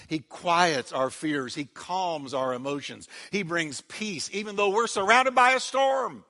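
A male pastor preaches with a high, bright voice. His delivery is dramatic, swinging down to hushed tones and back up, and he calls on the congregation to repeat after him. The sound carries a long reverb from a large hall. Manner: dramatic preaching, dropping to a hush on quiet words; leads the congregation in call-and-response. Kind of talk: sermon.

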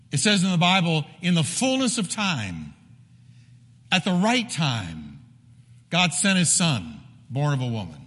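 A man preaching a sermon as pastor, emphatic and repetitive, with sudden drops to a hushed voice. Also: a little high, slightly rough. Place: church sanctuary. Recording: long reverb of a large hall.

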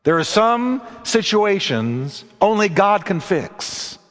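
A man preaching a sermon and telling stories, emphatic with dramatic pauses. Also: sits high, very animated, fairly bright tone, in a large hall. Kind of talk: sermon with storytelling.

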